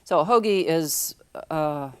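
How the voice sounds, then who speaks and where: Low-voiced woman professor explaining. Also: lively intonation, clean tone. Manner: explanatory, measured, with fillers. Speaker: linguistics professor guest. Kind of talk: casual interview talk.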